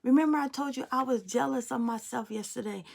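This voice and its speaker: There's vocal fry in this woman's slightly fast, higher-pitched voice. Giving viewers a spiritual tarot reading, she's preachy, blunt, and emphatic, talks right at them, and swears casually from time to time.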